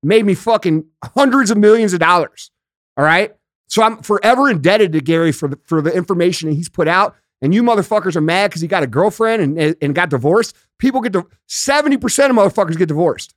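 A man's voice: high voice, expressive, fast, no room sound, studio quality. A man hosting a podcast, talking bluntly and emphatically with lots of swearing, mixing rants with everyday analogies. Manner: conversational, uses everyday analogies. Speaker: podcast host. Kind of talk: casual podcast rant. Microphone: studio podcast microphone.

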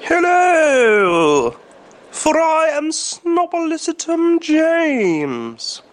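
A man voicing a goofy male cousin from Wales, with a Welsh accent and a shrill, sing-song falsetto. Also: wildly swooping pitch, extremely slow, full character voice. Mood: grand.

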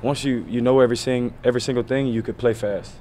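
Athlete at the podium: man, thirties, casual and unhurried delivery, middle-range voice, filler-heavy answers. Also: mid-range voice, slight background noise. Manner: relaxed, loose, full of "you know" fillers. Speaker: pro football player at a press conference. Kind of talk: press conference answers. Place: press conference area.

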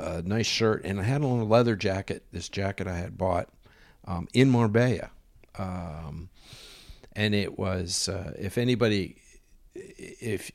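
Gravelly low-voiced man telling a story. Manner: rambling, filler-heavy storytelling with quoted dialogue. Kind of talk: casual anecdote.

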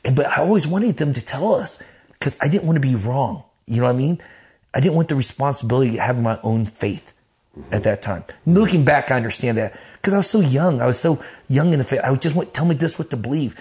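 A man telling stories as an interview guest, animated and profane, acting out the voices of the people he quotes. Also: medium pitch, quick pace. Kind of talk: casual storytelling in an interview.

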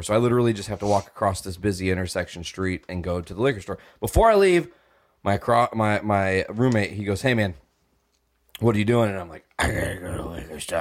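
Brisk and animated, this young podcast co-host has a lowish voice. He spins a long story full of profanity and performs the quoted voices himself.

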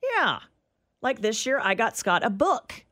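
A woman's voice: a little high, very animated, measured pace, a bit bright, no echo. A woman co-hosting a radio show, chatting casually and teasing with frequent laughs in a cold studio. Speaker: radio co-host. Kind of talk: casual on-air banter.

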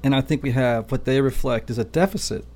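A man's voice: mid-range voice, a little fast, darkish tone. A man as a podcast guest, explaining ideas in a reflective, teacherly way. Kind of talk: casual podcast conversation.

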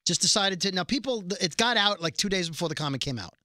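A man co-hosting a podcast, chatting quickly and casually and reading aloud from a letter. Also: high voice, lively intonation, bright, forceful tone, no room sound, studio quality. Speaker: podcast co-host. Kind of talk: casual chat.

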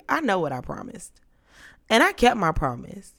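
A young woman hosting a podcast in casual chat, playful and dramatic, her voice lowered and rough from being sick. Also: sing-song, moderate pace. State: sick, voice deeper than usual. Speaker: podcast host.

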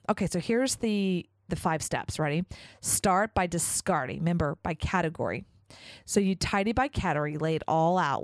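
Chatty low-voiced woman podcast host. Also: darkish tone, no echo. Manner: chatty and enthusiastic, many "like" fillers. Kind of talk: casual solo podcast monologue.

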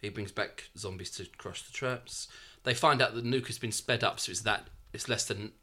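A man's voice: on the low side, normal speed, bright, forceful tone. A man in a casual conversation, animatedly picking apart a film's logic and asking rhetorical questions. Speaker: podcast co-host. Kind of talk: casual film discussion.

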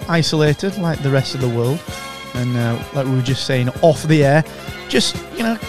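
A man's voice: mid-range voice, moderate pace, music in the background. A man with a Yorkshire accent co-hosting a casual podcast, laid-back and rambling in a matey way. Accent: Yorkshire English. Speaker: podcast co-host.

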